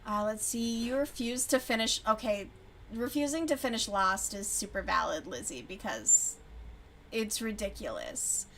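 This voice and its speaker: A woman's voice: mid-range voice, sharp tone, a little hiss or hum. A woman hosting a casual livestream while crocheting, chatting loosely, swearing freely and answering her chat as she goes. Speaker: livestream host.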